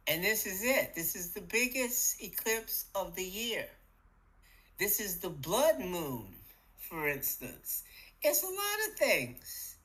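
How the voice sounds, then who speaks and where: A middle-aged woman co-hosting a podcast, talking casually about spiritual matters in an animated, playful way that acts out little voices. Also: lowish voice, poor audio. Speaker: podcast co-host.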